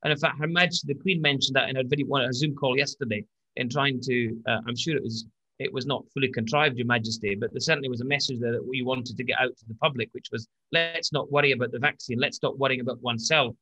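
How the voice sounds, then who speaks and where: Man, podcast co-host, crisp bright tone, mid-range pitch, stumbling repeats, casual talk. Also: steady tone, poor audio. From British. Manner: halting, many repeated words and fillers.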